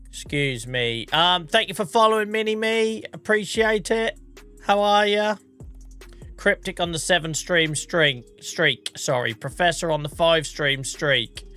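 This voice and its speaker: Breathless, bright-voiced streamer man. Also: fairly high pitch, clear, resonant tone. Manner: chatty, greets viewers by name, swears casually. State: a bit out of breath. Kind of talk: casual live-stream chat.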